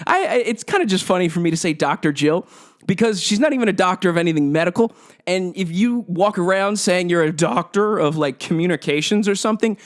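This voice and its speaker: A young man hosting a solo podcast, ranting with sarcastic, profane emphasis. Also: high-pitched. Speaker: podcast host.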